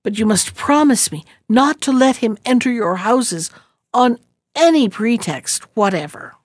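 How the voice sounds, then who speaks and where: A woman reads as a wise old mother pig in a storybook, frail and worn by age. She speaks slowly and earnestly, with a pleading softness, in a dry, close sound. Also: on the high side, lively intonation, no echo. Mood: gentle.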